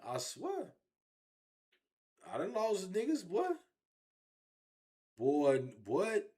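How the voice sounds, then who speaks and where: A man telling his own story in an interview, animated and repetitive, with heavy street slang. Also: sits high, very slow. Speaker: interview guest.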